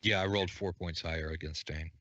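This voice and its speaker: A man running an unscripted tabletop game as game master, narrating in a plain, halting way with lots of fillers. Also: low voice, steady tone, a bit bright, no room sound, lo-fi sound.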